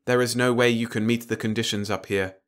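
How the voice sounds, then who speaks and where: A cold robot leader speaking with measured, flat politeness, as a man puts the voice on. The voice sits a little higher than usual and never shows emotion. It sounds like a machine in a storybook reading. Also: close to an everyday voice. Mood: cold, formal.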